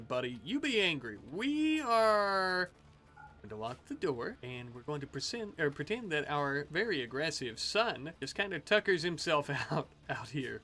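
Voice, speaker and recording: A young man casually commenting on his own gameplay, excitable, joking and swearing at the game. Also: fairly high pitch. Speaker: let's play host.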